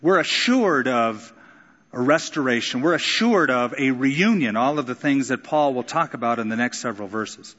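A man preaching a sermon in a long, ringing hall, his voice caught on a muffled, dull recording. He is expressive, lifting his voice high when he acts out quotes and dropping low for quiet moments. His pitch sits in an ordinary middle range. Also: moderate pace. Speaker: pastor.

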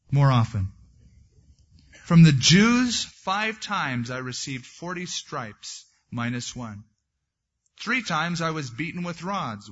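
A man's voice: a little high, a bit bright, breathy edge, highs cut off. A man preaching a sermon as a pastor, reading scripture aloud and then breaking into conversational asides.

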